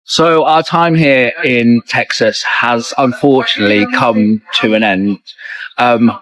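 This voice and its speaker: Slow, earnest man. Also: medium pitch, fairly even intonation, a bit bright, rough recording. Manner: earnest, grateful. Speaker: traveller on road trip. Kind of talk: heartfelt thank-you to camera.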